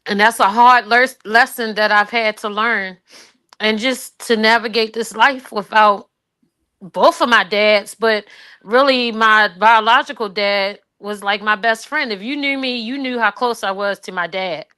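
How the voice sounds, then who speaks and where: A woman with a brightly ringing, smooth voice pitched a little high talks through tears. Her speech is halting and raw, full of pauses and restarts. She sounds like someone telling her own story on a call. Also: fairly even intonation. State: tearful. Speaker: guest sharing her grief. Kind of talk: personal testimony on a call.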